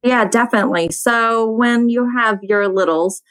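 A woman who teaches elementary school, speaking calmly and softly in a panel discussion. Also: fairly high pitch, normal speed, no room sound, poor audio. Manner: calm, soft-spoken.

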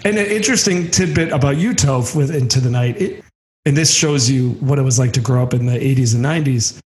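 A man's voice: medium pitch, a little fast, darkish tone, reverberant. A man co-hosting a casual music podcast, chatting in an enthusiastic, joking way. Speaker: podcast co-host.

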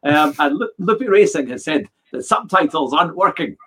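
Laughing Scottish podcast host, higher voice. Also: male voice, animated, fairly quick, pushed and bright, husky. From Scotland. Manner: friendly, laughs easily, reads out viewer comments. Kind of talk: live-stream podcast hosting.

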